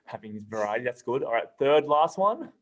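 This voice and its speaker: A man's voice: mid-range voice, sing-song, normal speed, a bit bright, muffled recording. A man hosting a podcast, casual and upbeat, laughing often as he leads the conversation. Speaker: podcast host.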